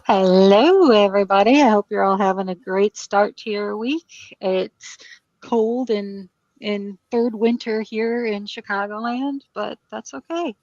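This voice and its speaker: A woman's voice: medium pitch, measured pace, darkish tone, no echo. Friendly female panelist, casual chat, dull lo-fi remote mic. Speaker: podcast panelist.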